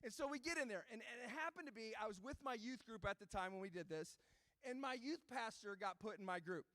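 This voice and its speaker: High-voiced man telling a lively story. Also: fast talker, no room sound. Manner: animated storytelling, addressing the kids directly. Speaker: youth pastor. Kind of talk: youth ministry talk. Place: church youth room before a live audience.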